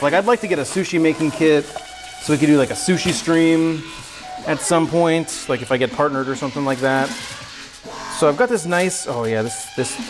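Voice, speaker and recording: A man chatting and joking to his viewers while he cooks in his home kitchen during a casual livestream. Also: mid-range voice. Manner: joking, chatty, talks to himself while cooking. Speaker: livestream cooking host. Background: music.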